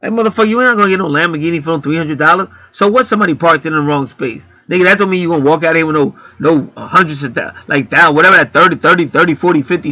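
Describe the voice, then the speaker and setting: A man's voice: on the high side, pushed and bright, no room sound, lo-fi sound. A man hosting his own channel, telling stories in a blunt, profane, heated rambling monologue. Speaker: channel host.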